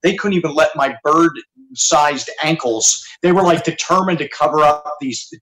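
A man's voice: a little high, normal speed, a bit bright, echoey room, poor audio. A man, a musician guest on a video call, telling stories with enthusiasm and repeating himself for emphasis. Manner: enthusiastic, storytelling, repeats phrases. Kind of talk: casual interview chat. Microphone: video call from his home studio.

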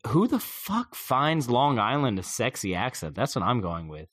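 A man's voice: mid-range voice, very animated, moderate pace, a bit bright, slightly rough, no room sound, clean studio sound. A man from the American South co-hosting a podcast in casual chat, blunt and incredulous, laughing easily. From Southern United States. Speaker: podcast co-host.

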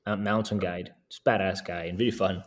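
Laid-back man with a low voice. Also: fairly even intonation, brisk. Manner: easygoing, chuckles often between thoughts. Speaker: guest landscape photographer. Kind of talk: casual podcast conversation.

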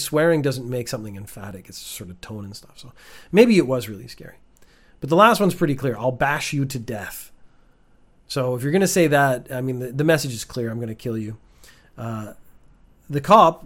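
A man giving casual, wry commentary on news stories from home, chatty with frequent restarts. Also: medium pitch.

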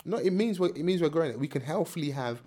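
A young man, co-hosting a casual chat and talking in lively, slang-filled bursts. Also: on the high side, quick pace. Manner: animated, slangy, talks over his co-host. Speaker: podcast co-host. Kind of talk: casual chat about UK rap beefs.

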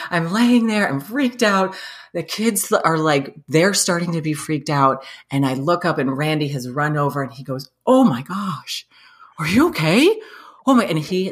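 A thirtysomething woman shares a humorous story about herself in relaxed conversation, her voice on the low side. She pokes fun at herself with lots of energy and frequent laughter.

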